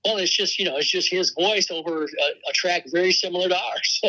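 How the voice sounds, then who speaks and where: Bright-voiced older man telling stories. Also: sits high, brisk, low-quality recording. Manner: relaxed storytelling, laughs often. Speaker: guest, rock drummer. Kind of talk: casual interview talk.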